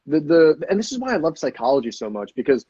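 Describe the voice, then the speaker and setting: A man chatting as a podcast guest, energetic and swearing freely, often acting out sales calls. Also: fairly high pitch, fast talker, slightly rough, no echo, dull audio. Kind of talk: casual podcast chat.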